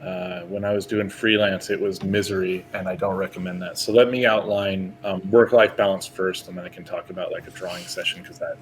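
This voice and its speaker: Low-voiced man chatting casually. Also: steady tone, fairly quick, few pauses, slight background noise, low-quality recording. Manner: candid, rambling, laughs often. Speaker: guest artist. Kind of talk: casual podcast chat.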